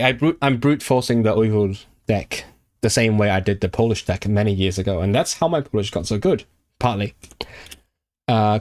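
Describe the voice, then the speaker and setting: A man from Hong Kong, his voice on the low side with a darkish tone, chats casually on a live stream from his computer indoors. He works through language flashcards and thinks aloud, full of fillers and restarts.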